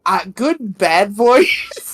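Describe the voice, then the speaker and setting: Giggly, animated podcast co-host. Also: mid-range voice, extremely slow, breathy edge, soft background music. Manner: giggly, loose and profane, laughs through sentences. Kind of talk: casual chat.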